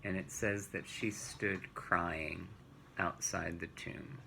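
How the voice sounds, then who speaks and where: Male children's Bible teacher, gentle storyteller, gravelly and slow-paced. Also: low-pitched, fairly even intonation, a little hiss or hum, poor audio.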